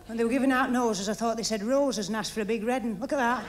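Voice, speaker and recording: A woman doing a stand-up routine, gossiping in a chatty way and firing off deadpan one-liners while laughing at her own jokes. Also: on the high side, quick pace, background noise. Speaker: stand-up comedian. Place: TV studio stage before live audience. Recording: archive TV recording with audience laughter.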